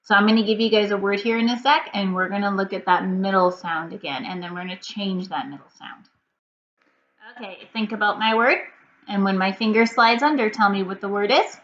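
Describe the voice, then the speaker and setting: A woman teaching a reading lesson to young children at home, prompting slowly and clearly and pausing for answers. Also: mid-range voice, fairly bright tone, dull audio. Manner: slow, clear, patient prompting with pauses for answers.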